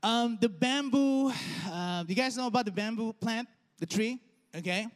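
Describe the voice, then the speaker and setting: A man in his thirties preaching a sermon, telling stories and letting his phrases trail off softly. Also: very high-pitched, normal speed. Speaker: pastor. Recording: long hall reverb.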